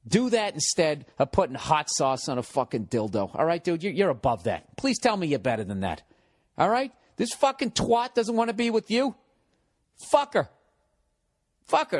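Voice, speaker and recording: A man's voice: high-pitched, no room sound, clean studio sound. A man giving heated, profane advice in a pushy, ranting way. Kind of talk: angry advice rant.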